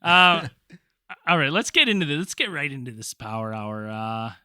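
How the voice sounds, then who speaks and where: A man's voice: mid-range voice, big pitch swings, normal speed, bright, forceful tone, clean tone, dry recording, studio quality. A man hosting a podcast, telling stories in a rambling, laughing way full of fillers. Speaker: podcast host. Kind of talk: casual storytelling chat.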